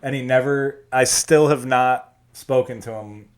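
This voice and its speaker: A podcast co-host with a medium pitch and an unhurried pace tells crude, joking stories in casual chat, animated throughout.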